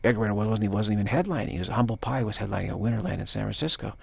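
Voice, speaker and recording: Gravelly-voiced older man telling stories. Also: lowish voice, racing. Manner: rambling storytelling, acting out little dialogues, chuckling. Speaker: spiritual teacher. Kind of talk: informal satsang talk.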